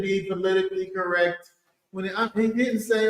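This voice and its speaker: A man teaching a Bible study in an emphatic, animated way, full of rhetorical questions. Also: high-pitched, normal speed, roomy sound, low-quality recording.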